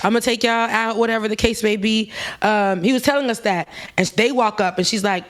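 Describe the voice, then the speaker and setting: Woman, co-host, casual storytelling, mimics others, mid pitch. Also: fairly quick. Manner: animated, mimics people with raised pitch.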